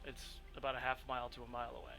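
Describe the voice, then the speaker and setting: Bright-voiced male game master. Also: mid-range voice, completely flat delivery, rapid-fire, faint music behind, low-quality recording. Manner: loose, filler-heavy, descriptive. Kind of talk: narrating a tabletop game.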